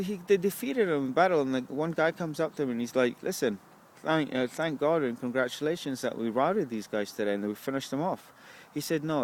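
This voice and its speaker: A man's voice: fairly high pitch, slight background noise. A young man, rambling to the camera at a bus stop, swearing often and asking "right?" a lot. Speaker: vlogger.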